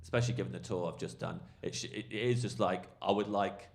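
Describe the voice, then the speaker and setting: A male comedian telling a rambling, animated anecdote on a podcast, full of fillers. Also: low voice, fast, vocal fry. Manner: rambling, animated storytelling, lots of fillers and swearing. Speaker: comedian guest.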